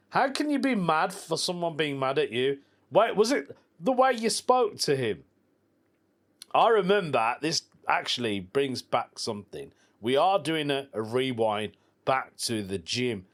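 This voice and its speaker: Male podcast host, mid pitch, casual chatty storyteller with slang. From England. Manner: chatty storyteller, laughs at his own jokes; informal slang like "proper" and "mate". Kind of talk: casual solo podcast chat.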